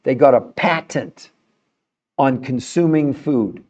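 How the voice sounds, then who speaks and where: An older man hosting a live stream, talking to the chat in an emphatic, salesy way, with his voice jumping high on key points. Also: takes it slowly, a little mellow, highs cut off.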